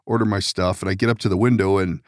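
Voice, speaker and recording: A man's voice: sits low, fairly even intonation, quick pace, no room sound, clean studio sound. A man hosting a podcast, telling rambling stories in casual chat, laughing often and swearing. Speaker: podcast host.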